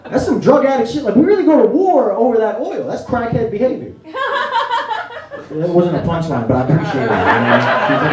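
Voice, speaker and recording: In a small comedy club, a young New York City comic works a conversational set, acting out quoted voices and ending lines with "you know?" His slightly high, a little mellow voice swoops wildly in pitch at a slightly fast pace, recorded from a distance in roomy audio with audience laughter.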